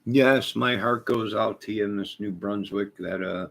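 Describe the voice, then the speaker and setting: A middle-aged man with a gravelly, husky low voice hosts a casual livestream, reading viewer comments aloud at a slightly slow pace. He rambles and jokes deadpan, punctuated by sudden loud outbursts.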